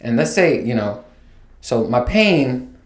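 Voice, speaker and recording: Taking it slowly, the podcast host swings widely in pitch around a medium register while telling an exasperated, comic story in a casual rant laced with free swearing. His words echo through a roomy space.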